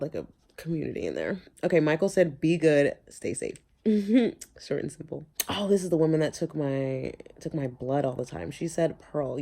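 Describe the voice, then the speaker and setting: Gravelly low-voiced young woman vlogger. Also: a little mellow. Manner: rambling, frequent "like" fillers, reads notes aloud. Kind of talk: casual reminiscing vlog. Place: in a car.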